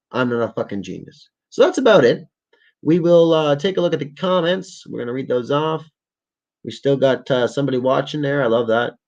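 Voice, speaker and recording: A man's voice: medium pitch, a little mellow, highs cut off. Tired, swearing man hosting a livestream. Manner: stumbling, self-correcting reading with frequent swearing. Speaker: livestream host. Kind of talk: casual live-stream chat, reading articles and viewer comments.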